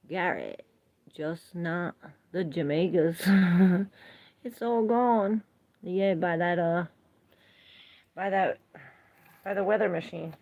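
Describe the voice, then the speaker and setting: Low, raspy lady doing a tarot livestream, chatty, muffled lo-fi sound. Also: drawn-out words, pauses often. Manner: chatty, reads viewer comments aloud, laughs often. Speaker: tarot reader. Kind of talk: live tarot reading, chatting with viewers.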